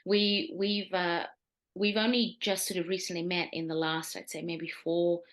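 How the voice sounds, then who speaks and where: Aussie lady host, lowish voice, excited, lots of ums. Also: moderate pace. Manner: enthusiastic, many fillers. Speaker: talk show host. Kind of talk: interview.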